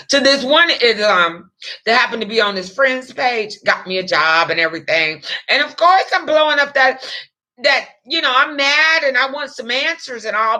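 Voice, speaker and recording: A woman's voice: high-pitched, lively intonation, normal speed, sharp tone. A young adult woman telling a personal story in a rambling, emotional, profane way. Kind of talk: casual monologue.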